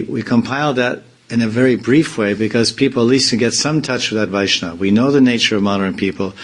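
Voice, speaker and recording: A man with a fairly low voice giving a loose, conversational spiritual discourse. He wanders between points and drops in playful asides, teaching the way a swami does. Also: poor audio. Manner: rambling, with playful asides and acted-out quotes. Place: temple community in India.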